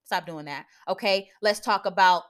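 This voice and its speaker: On her podcast, a young woman dispenses blunt, preachy advice in slangy, casual terms, frequently laughing and checking whether listeners are following. She speaks at a medium pitch and a moderate pace.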